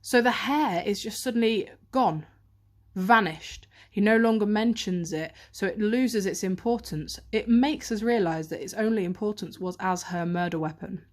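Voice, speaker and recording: A woman's voice: mid-range voice, normal speed. A woman teacher giving a revision lesson on a poem, reading quotes aloud and explaining them in close analytical detail, recorded on a handheld camera.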